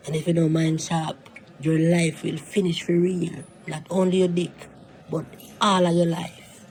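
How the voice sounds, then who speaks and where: A man's voice: on the high side, little pitch movement, measured pace, darkish tone, slight background noise, poor audio. A man voicing a reformed former thief serving life in prison, giving earnest advice in broken creole English. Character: reformed male thief, longtime prison inmate, calm advisor. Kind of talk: cartoon voice acting.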